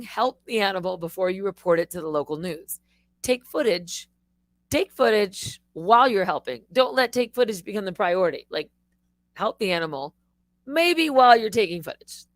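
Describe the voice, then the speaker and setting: Animated, lively woman telling a story. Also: normal speed, long pauses, no echo. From Michigan. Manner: animated, swearing, quoting herself in high excited bursts. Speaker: livestream host, former wildlife TV host. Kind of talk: casual livestream storytelling.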